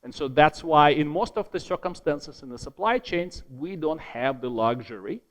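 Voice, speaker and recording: A man giving an academic conference keynote, lively and emphatic, repeating words for stress and adding joking, self-deprecating asides. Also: on the high side, normal speed. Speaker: keynote speaker.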